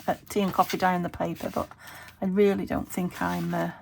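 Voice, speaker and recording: British woman vlogger, casual self-talk at a craft desk, creaky, noisy recording. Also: on the low side, level tone, fairly quick, darkish tone. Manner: chatty, thinks aloud, self-talking with little laughs. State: recovering from a fever. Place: home craft desk, window open. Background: traffic through an open window.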